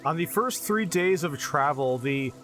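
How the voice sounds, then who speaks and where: A man's voice: a little high, expressive, unhurried, a bit bright. A man running a tabletop game as game master, describing scenes with brief asides.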